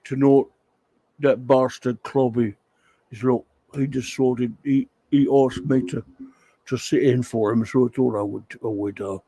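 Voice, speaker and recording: A man putting on a gruff, swearing older English comics writer in a mock English accent, grumbling. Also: mid-range voice, fairly even intonation, a little slow, warm tone, no echo. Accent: put-on English.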